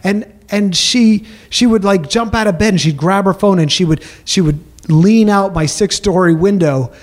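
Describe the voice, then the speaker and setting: A man telling a comic personal story on stage, rambling with halting restarts and self-mocking punchlines. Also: sits high.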